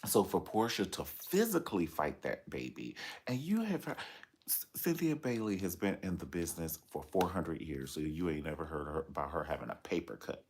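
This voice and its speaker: Sassy deep-voiced man dishing gossip. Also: big pitch swings, moderate pace, a little mellow, slightly rough. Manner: sassy, dramatic storytelling with playful asides. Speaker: celebrity gossip commentator. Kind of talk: reality TV gossip commentary.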